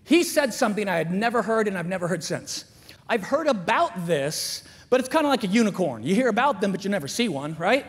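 A middle-aged man giving a storytelling talk in a school chapel, acting out the dialogue in lively character voices. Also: high-pitched, brisk. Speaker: chapel speaker. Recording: echoey hall with long reverb.

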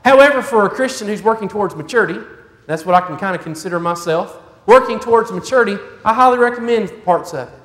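A man's voice: high voice, animated, fast talker, a bit bright. A man preaching a sermon in a folksy storytelling manner. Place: church sanctuary. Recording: echoey church hall.

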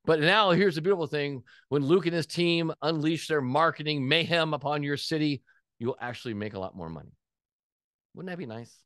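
A man coaching restaurant owners in an energetic motivational talk, acting out remembered dialogue and making folksy asides. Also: fairly high pitch, brisk, no echo, clean studio sound. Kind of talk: motivational business talk with storytelling.

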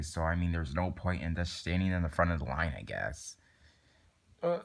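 A young man improvising a toy skit and doing all the voices, rambling with many fillers and restarts. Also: low-pitched. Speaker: plush toy video maker.

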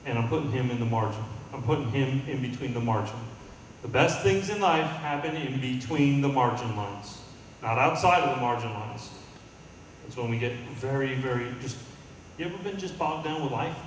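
A man's voice: mid-range voice, animated, normal speed, a little hiss or hum. A male pastor preaching a sermon to his congregation, drawing call-and-response from the room. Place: church sanctuary. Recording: echoey hall, mic at a distance.

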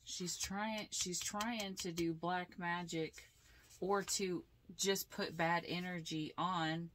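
Blunt, low-voiced woman tarot reader. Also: slow pace, slight background noise. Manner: blunt, animated, swears freely. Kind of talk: casual tarot reading.

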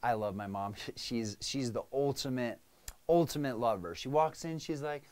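A man's voice: medium pitch, normal speed, darkish tone. A man coaching his viewers in casual talk to camera, often tagging his points with "right?" and "okay?". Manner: conversational, frequent "right?" and "okay?" check-ins. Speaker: business coach.

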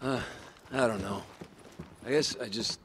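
An actor playing a rough, weary male biker who swears a lot, in video game dialogue. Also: mid-range voice, a little slow, background noise, natural voice. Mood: bitter.

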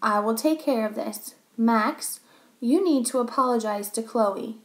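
A woman's voice: fairly high pitch, a little slow. A woman voicing a patient, firm female schoolteacher in a children's story read aloud.

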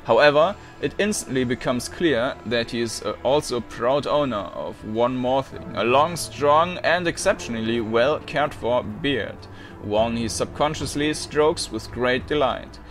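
A man's voice: medium pitch, lively intonation, a little slow, fairly bright tone, soft background music. A man hosting a let's play, reading a role-playing game's dialogue and text aloud, tripping over words and restarting.

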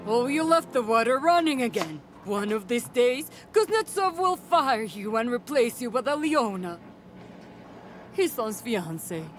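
High, slow, lively woman dubbing a gossiping young coworker. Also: music in the background. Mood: gossipy. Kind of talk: English dubbed film dialogue.

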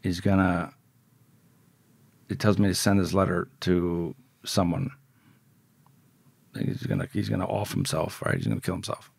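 A man's voice: low-pitched, expressive, a little slow, gravelly, long pauses, darkish tone, slightly rough, no echo. A middle-aged man telling a blunt, profane story as a podcast guest. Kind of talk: storytelling in an interview.

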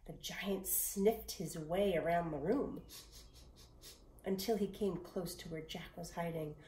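A woman reading a storybook aloud in an expressive way. She sometimes drops to a whisper and speaks directly to the listener. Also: on the low side, slow, roomy sound.

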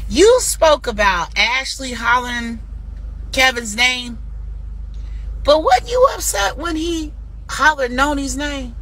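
A woman hosts a livestream and rants heatedly at a rival, swearing at every turn. Her bright, forceful voice rises and falls in wide swings. She lurches from outright shouting to mocking asides. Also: on the high side. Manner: heated, scolding, profanity-laced. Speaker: livestream host. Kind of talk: profane livestream rant.

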